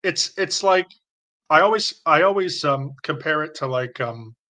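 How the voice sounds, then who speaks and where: A man's voice: a little high, lively intonation, measured pace, pushed and bright. A man with a Canadian accent, hosting a live stream and explaining a topic in a rambling, unscripted way with many fillers and restarts.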